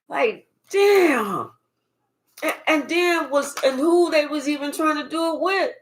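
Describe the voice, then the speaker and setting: Woman tarot reader, slow profane drawl, somewhat high voice, unhurried live reading. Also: animated.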